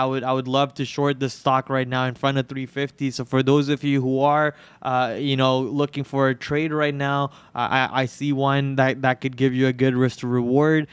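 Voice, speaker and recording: Hoarse guy doing live market commentary, pretty monotone, on a podcast mic. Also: medium pitch, no echo. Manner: rambling, many restarts and fillers. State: hoarse, itchy throat. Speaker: trading stream host. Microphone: podcast microphone.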